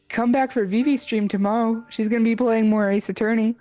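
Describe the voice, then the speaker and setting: A young woman co-streaming, chatting casually in a relaxed, rambling way with hesitant restarts. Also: a little high, fairly quick, soft background music. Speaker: co-streamer guest. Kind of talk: casual livestream chat.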